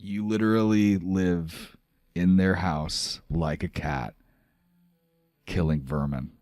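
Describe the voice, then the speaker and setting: A man runs a tabletop fantasy game, describing scenes in a loose, rambling style. His voice sits low, and the sound is dry. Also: fairly even intonation, slow, a little mellow, dry recording. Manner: loose, filler-heavy narration. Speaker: game master.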